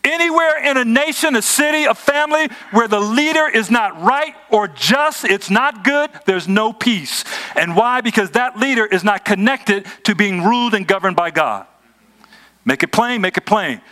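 A man delivers a sermon in a notably high voice. He preaches emphatically, shifting between firm declarations and conversational asides to his congregation. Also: animated, normal speed, pushed and bright. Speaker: pastor.

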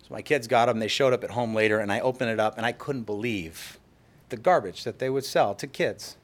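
A man's voice: mid-range voice, brisk. A middle-aged man preaching a sermon, telling personal stories and acting out quotes of what people said. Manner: storytelling with acted-out quotes. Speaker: pastor.

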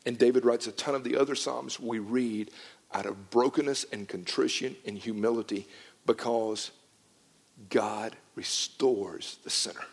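A man's voice: steady tone, moderate pace, vocal fry, husky. Earnest middle-aged male preacher. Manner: earnest and emphatic, dropping to a low, hushed voice. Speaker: pastor. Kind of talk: sermon.

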